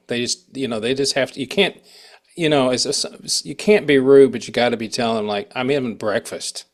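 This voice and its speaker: A man hosting a casual interview who rambles and breaks off mid-sentence, restarting his thoughts. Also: on the low side. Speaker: interview host.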